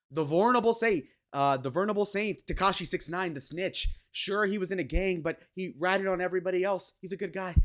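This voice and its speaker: A man hosting his own commentary video, talking bluntly and crudely, jumping from loud mocking bits to low muttered asides. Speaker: commentary channel host. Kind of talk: casual opinion commentary.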